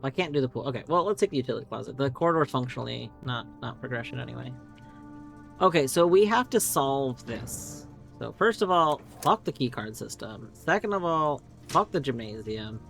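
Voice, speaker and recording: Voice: mid-range voice, lively intonation, a little fast, gravelly, a bit bright. A chatty game streamer rambles through a live playthrough, trailing off and cursing casually. Faint music plays underneath the voice. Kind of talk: live gameplay commentary.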